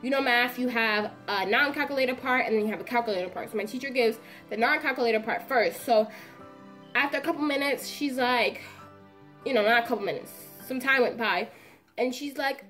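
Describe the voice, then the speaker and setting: A young adult woman telling a casual storytime vlog in a dramatic, animated way, full of slangy asides. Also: a little high, a little fast, soft background music. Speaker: vlogger.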